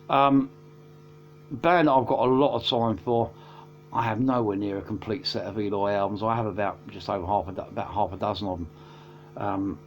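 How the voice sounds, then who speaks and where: A man's voice: medium pitch, a little hiss or hum. A man, casually reviewing albums from his collection, rambling with many fillers and self-corrections. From England. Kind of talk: casual chat.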